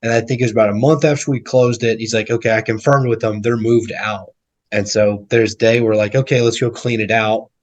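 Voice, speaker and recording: A man's voice: fairly low pitch, fairly even intonation, a little fast. A male guest, a real estate investor, telling stories casually and rambling, repeating words and acting out what people said. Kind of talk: casual storytelling.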